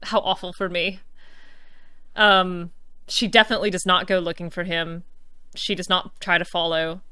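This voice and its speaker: Woman gamer, casual commentary, bright tense tone, dry close sound, chatty with playful mock indignation. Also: lowish voice, little pitch movement, moderate pace, clean tone, dry recording. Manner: chatty, musing aloud with playful mock outrage. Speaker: let's-play streamer.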